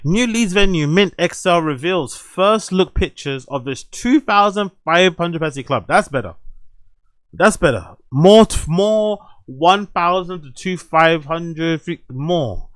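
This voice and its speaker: A young adult man hosting a show, reading news aloud and reacting with excited, swearing asides. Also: on the high side, slow pace, hardly any pauses, dry recording. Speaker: host.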